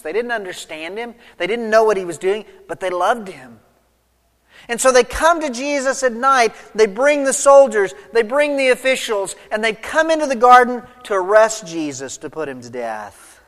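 A man's voice: high-pitched, big pitch swings, normal speed, fairly bright tone, in a large hall. A man preaching an expository sermon, retelling the story vividly and putting rhetorical questions to his listeners. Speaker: pastor.

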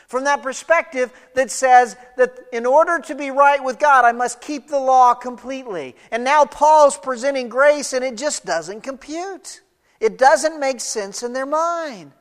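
A man's voice: extremely high pitch, fairly bright tone. A man preaching an expository sermon, emphatic, reading scripture aloud and explaining it. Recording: long reverb of a large hall.

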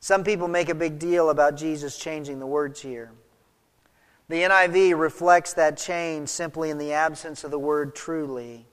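A man preaching a sermon as a pastor, with an expressive delivery that swings between soft and emphatic. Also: a little high, moderate pace, clean tone, long reverb tail.

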